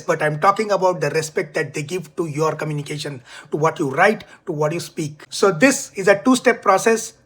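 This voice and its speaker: Man, high voice, writing coach, emphatic, deliberate online lesson. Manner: clear, emphatic, deliberate teaching delivery. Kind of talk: scripted online English lesson.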